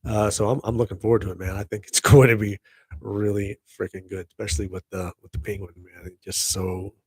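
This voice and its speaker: A man's voice: lowish voice, fairly even intonation, a little fast, a little mellow, breathy edge, no echo. A middle-aged man hosting a casual live podcast stream, rambling upbeat to his viewers. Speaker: podcast host.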